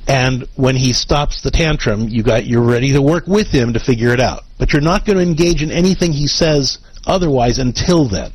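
A man hosting a call-in advice show, explaining calmly with frequent restarts and check-ins like "okay?". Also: medium pitch, normal speed, few pauses, husky, no room sound, low-quality recording. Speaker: radio advice show host.

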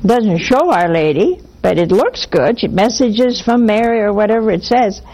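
A woman hosting a call-in show as a nun, teaching with animated little acted-out dialogues and blunt warnings. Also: medium pitch, normal speed, low-quality recording. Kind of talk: spiritual teaching and call-in talk.

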